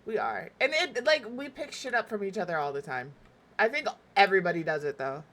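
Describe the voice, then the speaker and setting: Young woman streamer, bright voice, rambling casual chat, self-mocking. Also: mid-range voice, sing-song, a little fast. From Southern US. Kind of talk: casual chat while gaming.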